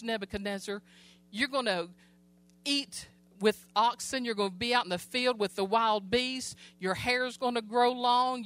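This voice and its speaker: A woman's voice: a little high, a bit bright. A woman preaching a sermon, reading scripture and retelling it in plain everyday words to her church.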